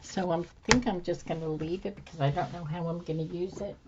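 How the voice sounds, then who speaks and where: A woman hosting a craft tutorial, musing softly to herself as she works, her voice a little hoarse. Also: on the low side, fairly even intonation, a little fast, dull audio, very noisy. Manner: soft-spoken, musing aloud while working. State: slightly hoarse, losing her voice. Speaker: craft channel host. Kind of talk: casual craft tutorial chat.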